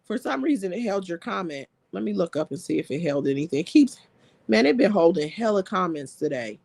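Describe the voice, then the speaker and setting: Gravelly-voiced woman live stream host. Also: on the low side, big pitch swings, a little fast, a little mellow, no echo. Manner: chatty, laughs often, reads comments aloud. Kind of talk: casual live stream chat reading viewer comments.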